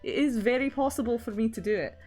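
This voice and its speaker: A woman's voice: a little high, quick pace, darkish tone, soft background music. A woman streamer chatting casually, rambling with many fillers and frequent laughter.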